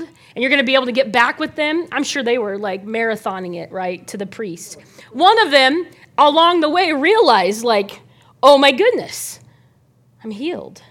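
A woman with a slightly high voice leads a casual Bible lesson. She talks to her listeners like friends, keeps asking them to picture the scene, and tags her points with "right?". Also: fairly bright tone. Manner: conversational, asks listeners to imagine, frequent "right?". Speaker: Bible teacher.

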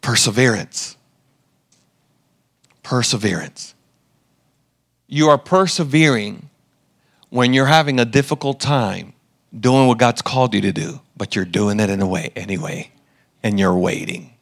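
A male pastor delivering a sermon in an easy storytelling manner. He uses self-deprecating humor, and his voice sits at an ordinary mid pitch. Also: moderate pace.

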